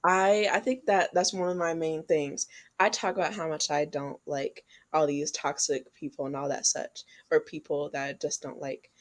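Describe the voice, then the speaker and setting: Young woman podcast cohost, lowish voice, chatty, talks straight to y'all. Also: steady tone, moderate pace, hardly any pauses. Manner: chatty, addresses listeners as y'all, frank advice. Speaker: podcast co-host. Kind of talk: casual chat.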